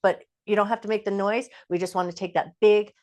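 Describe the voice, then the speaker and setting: A woman teaching a yoga class, giving calm, encouraging movement cues with slow, drawn-out phrases. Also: medium pitch. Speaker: yoga instructor. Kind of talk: guided yoga class instruction.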